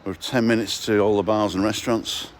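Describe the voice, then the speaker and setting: A man with a cold talks slightly fast into a phone he carries while touring a residential complex outdoors on a playful, chatty live-stream. His lowish voice shows little pitch movement, and a bit of hiss or hum can be heard.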